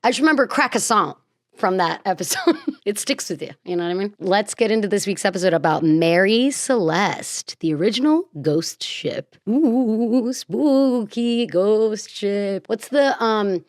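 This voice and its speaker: A woman's voice: mid-range voice, animated, moderate pace, dry recording, studio quality. A woman hosting her show in a bubbly, rambling, casual chat, gushing and laughing often. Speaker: podcast host.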